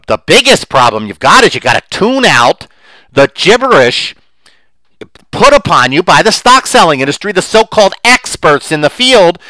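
Animated, emphatic podcast host, bright voice. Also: male voice, sits high, no room sound, rough recording. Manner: animated and emphatic, gets worked up; rambling with restarts and asides. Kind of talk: opinionated solo podcast monologue.

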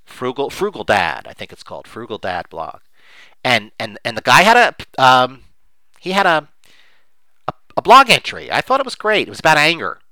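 A man talks through his argument in unscripted commentary, his pitch swinging widely as he acts out the views he mocks. His voice is bright and forward, and the recording is dry with no room sound. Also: normal speed, no echo. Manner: animated, mocks opposing views in quoted voices, many fillers. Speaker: investing commentator.

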